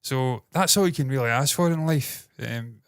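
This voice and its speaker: A man's voice: medium pitch, moderate pace, clear, resonant tone, dry recording, studio quality. A man in his thirties co-hosting a casual podcast, rambling, laughing and swearing freely. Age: 30s. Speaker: co-host. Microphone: loose desk mic.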